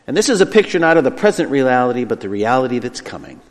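A male preacher delivering a sermon in a mid-pitched voice that swings widely in tone. He presses hard on some phrases and sinks to a quiet, slow hush on others. His voice carries a long reverb, as if in a large hall. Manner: lively, emphatic preaching that drops soft on key phrases.

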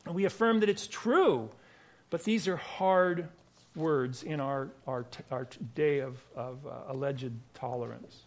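A man's voice: mid-range voice, a little slow. A man preaching a sermon, emphatic and repetitive, asking rhetorical questions and sometimes restarting his words. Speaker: pastor.

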